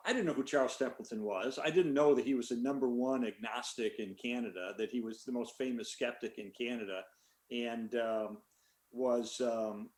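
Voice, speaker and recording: An older man, an author, answering a question in a relaxed story full of fillers over a video call. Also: medium pitch, roomy sound. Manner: relaxed, rambling with many fillers. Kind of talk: conversational storytelling.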